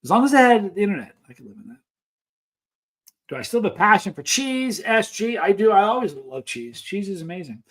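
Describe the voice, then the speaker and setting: Rambling high-voiced man hosting a live stream. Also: big pitch swings, a little fast, fairly bright tone. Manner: rambling storyteller, reads chat aloud. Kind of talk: casual live-stream chat.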